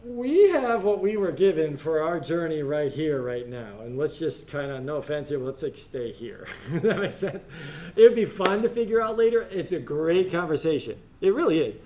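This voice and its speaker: A man teaching a classroom discussion, animated and joking, often laughing as he talks. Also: fairly high pitch, moderate pace, a little hiss or hum. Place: school classroom.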